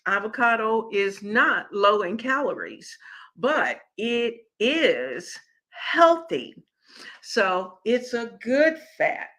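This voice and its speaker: A middle-aged woman hosting a live cooking chat, with a bright, forward tone. She talks slowly and easily, chatty and relaxed as she answers her viewers. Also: fairly high pitch. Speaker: cooking show host. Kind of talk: casual live-stream cooking talk.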